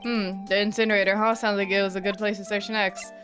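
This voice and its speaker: A woman's voice: medium pitch, little pitch movement, fast, a bit bright, close to an everyday voice. A woman reading the lines of an earnest young male defense attorney, plainly and inquisitively, over faint game music. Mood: questioning.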